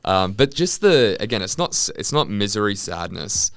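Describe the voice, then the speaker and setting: A man's voice: on the low side, big pitch swings, moderate pace, no room sound, studio quality. A young man with an Australian accent, co-hosting a podcast in a laid-back, sweary, jokey way. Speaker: podcast co-host. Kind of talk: casual chat.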